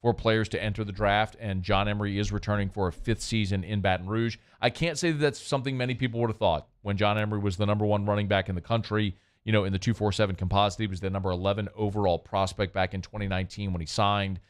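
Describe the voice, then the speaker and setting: Male sports radio host, lowish voice, loose chatty delivery. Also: fairly even intonation, clear, resonant tone. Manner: chatty, loose, quick asides. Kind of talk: casual sports talk and live ad read.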